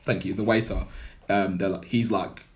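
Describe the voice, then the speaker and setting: A man's voice: deep voice, fairly even intonation, moderate pace. A young man, co-hosting a podcast and retelling a film plot in a rambling, casual way full of filler words. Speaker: podcast co-host.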